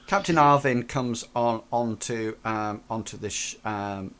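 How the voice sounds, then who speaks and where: A man's voice: fairly low pitch, measured pace, fairly bright tone. Hesitant man running a tabletop game. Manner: hesitant, many fillers and restarts. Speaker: game master.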